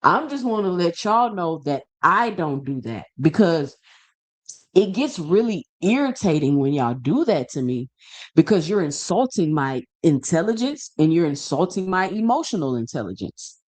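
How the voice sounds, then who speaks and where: Speaking at a normal speed in a fairly high, sing-song voice, this man hosts a boxing show. He delivers a casual opinion rant straight to camera, emphatic throughout, with a stream of rhetorical questions and plenty of repetition.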